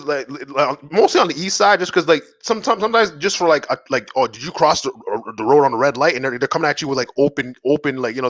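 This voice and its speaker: A man's voice: a little high, a bit bright, no room sound. A young man co-hosting a podcast, telling stories in a casual comedy chat, rambling with lots of fillers and swearing. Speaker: podcast co-host.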